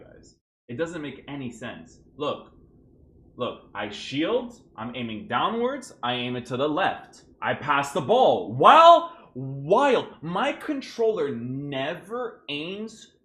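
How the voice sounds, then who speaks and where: A man commentating his own gameplay clips, exasperated and ranting, often checking in with "right?". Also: medium pitch. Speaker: gaming YouTuber reviewing his own clips. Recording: echoey room.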